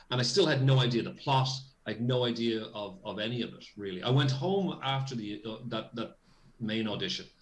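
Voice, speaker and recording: A man's voice: on the low side, a little hiss or hum. An Irish man, a voice actor, telling a rambling story in an interview, interrupting himself often and acting out the lines he quotes. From Ireland. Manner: rambling, self-interrupting, acts out quoted dialogue. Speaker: voice actor guest.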